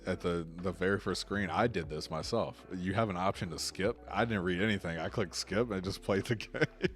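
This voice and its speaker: Deep-voiced man in casual chat. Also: normal speed, faint music behind. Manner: laughs often, relaxed and rambling. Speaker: co-host of a gaming news show.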